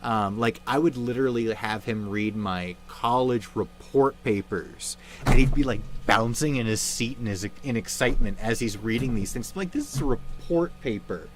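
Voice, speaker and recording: A young man speaks on his livestream in a halting, somber way, stopping and restarting often. His voice sits at a middle pitch, with a faint hiss behind it. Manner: halting, subdued, many fillers and restarts. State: grieving, somber. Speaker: livestream host. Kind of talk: casual livestream chat.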